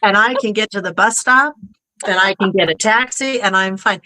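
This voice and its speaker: A woman's voice: medium pitch, moderate pace, pushed and bright. A woman guest in casual conversation, chatty and acting out the people she quotes. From United States. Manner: chatty storyteller who acts out quoted people. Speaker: podcast guest.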